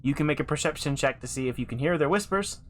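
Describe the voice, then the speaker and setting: A man narrating as game master of a tabletop game, animated and quick to slip into character voices. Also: fairly high pitch, slight background noise. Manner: animated, lots of fillers and restarts, puts on quick character voices.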